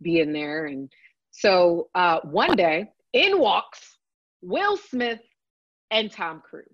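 Woman, husky, dry close sound, animated storyteller, swears freely. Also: on the low side, slow pace, dry recording, highs cut off. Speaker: podcast guest, works on a TV set. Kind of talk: casual storytelling.

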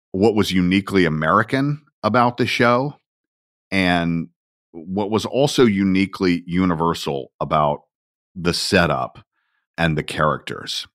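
A man hosting a podcast, talking casually in an unhurried, reflective storytelling way. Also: deep voice, a bit bright, no room sound, studio quality. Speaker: podcast host.

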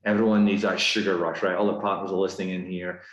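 A man with a Scottish accent, a guest talking in a casual podcast interview, brisk and upbeat with lots of fillers. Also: low-pitched, flat delivery, a bit bright, dull audio. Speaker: guest executive. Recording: roomy echo.

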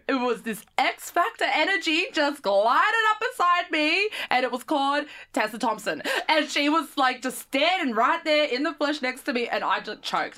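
Bright-voiced woman telling a story. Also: on the high side. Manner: animated storytelling, laughing often. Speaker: radio show co-host. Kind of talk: casual chat.

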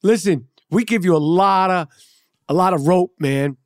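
A man hosting a podcast, telling a story in a teasing, profane, animated way. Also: high-pitched, normal speed, dry recording, clean studio sound. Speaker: podcast host. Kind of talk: casual podcast banter.

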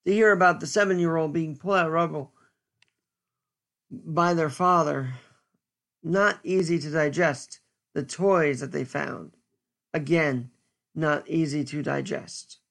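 Earnest, gravelly-voiced man, stern commentary. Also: on the high side, fairly even intonation, fairly bright tone. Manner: earnest, stern, deliberate with pauses. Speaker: podcast host. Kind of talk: solo commentary.

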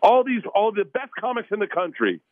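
A man from the American South, a comedian guest telling loud, laughing stories in a radio interview. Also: sits high, big pitch swings, brisk, no room sound, phone-quality sound.

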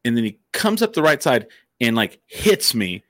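A man in casual podcast chat whose pitch swings widely as he tells rowdy, swear-heavy stories. His voice sits in a middle register and is recorded close and dry. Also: moderate pace, dry recording. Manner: animated, profane storytelling.

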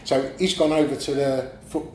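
A man, a guest telling animated stories in casual chat, often laughing and swearing. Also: medium pitch, moderate pace. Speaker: guest artist. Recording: echoey room, faint background noise.

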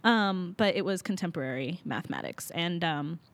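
A woman's voice: lowish voice, expressive, normal speed. A young woman, a college student, chatting casually and laughing often, with lots of fillers. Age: young adult. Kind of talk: casual chat.

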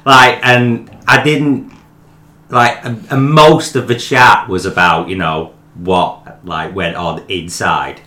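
A man co-hosts a podcast, spinning a rambling, joking story with plenty of stop-start phrasing. His voice is bright and forward. The sound comes from an echoey room. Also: low voice, fairly even intonation, slow pace. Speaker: podcast co-host. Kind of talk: casual chat, storytelling.

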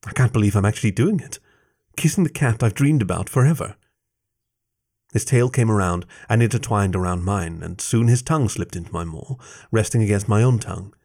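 A man narrating a first-person story aloud in a measured, soft-spoken reading. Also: on the low side, animated. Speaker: story reader.

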